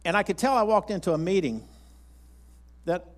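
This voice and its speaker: A man's voice: high voice, lively intonation, moderate pace. A man pastor, preaching a sermon in a folksy, rambling storytelling way with frequent restarts.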